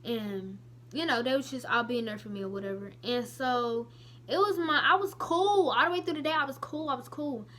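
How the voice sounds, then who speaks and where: A young woman vlogger telling a personal story to her viewers in a casual, emotional, animated way with many asides. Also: on the high side, normal speed.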